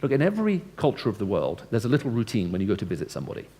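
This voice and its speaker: Speaking very fast with huge pitch swings, a man with a lowish, warm voice delivers a lecture-style evangelistic talk to a live crowd. The Christian speaker chats with his audience, questions them, and performs dialogue with varying tone.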